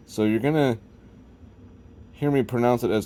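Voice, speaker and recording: A man's voice: medium pitch, a little slow, long pauses, darkish tone. A man with a Midwest American accent talking casually to his viewers, rambling from one joking aside to the next. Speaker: video host. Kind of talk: casual vlog commentary.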